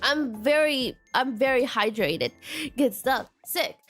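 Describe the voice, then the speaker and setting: A woman's voice: high voice, takes it slowly, a bit bright, faint music behind. A woman streamer chatting casually and reading viewer messages aloud, giggling often and playfully repeating stock phrases.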